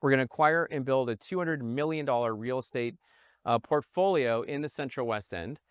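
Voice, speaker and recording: A man from the Midwest giving an energetic investment presentation, often checking in with listeners and calling them "guys". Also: mid-range voice, moderate pace, clean tone, no room sound, clean studio sound. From Midwest United States. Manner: animated, punctuates with "okay?", addresses viewers as "guys". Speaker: real estate investor pitching a fund.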